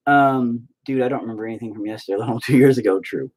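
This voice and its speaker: Husky, profane man ranting. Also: medium pitch, racing. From Oklahoma. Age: 40s. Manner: profane, heated, animated storytelling. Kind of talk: casual rant.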